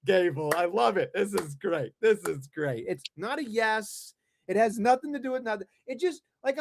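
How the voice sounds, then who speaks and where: Ranting, foul-mouthed high-voiced podcaster. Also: male voice. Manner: swears constantly, heated rant. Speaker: podcast co-host. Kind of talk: profane ranting wrestling talk.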